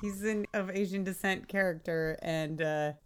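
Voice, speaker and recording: A woman co-hosting a casual podcast chat, animated, acting out quotes and laughing often. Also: lowish voice, normal speed, background noise. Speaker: podcast co-host.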